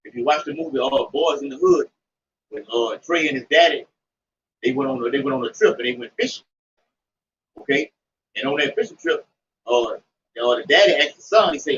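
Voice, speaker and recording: A man's voice: medium pitch, a little fast, pauses often, a bit bright. A man in a casual scripture talk who quotes verses and tells stories to make his point. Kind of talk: casual religious discussion. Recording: distant dull mic with faint noise.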